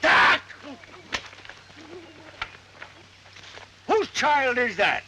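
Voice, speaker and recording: A man's voice: very high voice, wildly swooping pitch, slow pace, sharp tone, slight background noise, full character voice, low-quality recording. An older actor playing a stern, hot-tempered plantation-owning grandfather in a 1930s film, barking his words. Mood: shaken. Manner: gruff, barking. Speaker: estranged grandfather.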